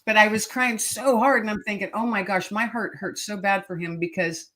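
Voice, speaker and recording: A woman's voice: mid-range voice, fairly even intonation, normal speed, fairly bright tone, a little hiss or hum. A middle-aged woman, a podcast guest, earnestly telling a heartfelt personal story in conversation and repeating key phrases for emphasis.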